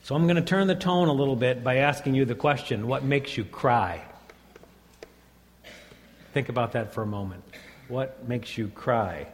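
A man's voice: mid-range voice, normal speed, pauses often. Plainspoken man preaching in a reverberant hall. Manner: conversational, plainspoken, reads scripture aloud. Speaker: pastor. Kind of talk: sermon. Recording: long reverb of a church hall.

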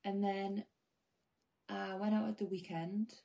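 Mellow-voiced British woman telling a story. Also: mid-range voice, little pitch movement, slow, creaky. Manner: chatty, rambling, often drops to a hush. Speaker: vlogger. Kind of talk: casual storytelling.

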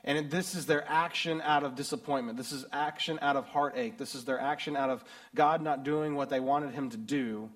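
A middle-aged American man preaching a sermon and reading scripture, swinging between loud emphasis and hushed, low passages. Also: steady tone, moderate pace, few pauses. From United States. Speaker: pastor.

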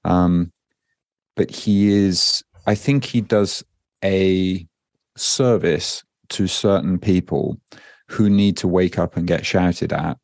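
A man with a very deep, gravelly voice hosting a podcast, recorded dry and close. He talks casually and hesitantly, full of ums and restarts. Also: slow, a little mellow, no room sound. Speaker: podcast host.

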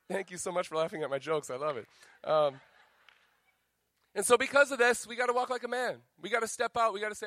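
A man preaching a sermon as pastor, energetic and joking, dropping to a quiet tone for personal stories. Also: on the high side, quick pace, no room sound.

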